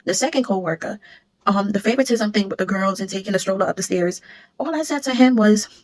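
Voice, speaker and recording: A woman, a former security supervisor, casually telling a storytime vlog and acting out what others said. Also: mid-range voice. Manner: rapid, animated retelling, acting out what others said.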